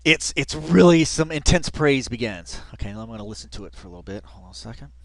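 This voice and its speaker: A man's voice: medium pitch, lively intonation, fast, creaky. A man giving casual reaction commentary, rambling with lots of fillers and bursts of laughter. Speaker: reaction video host.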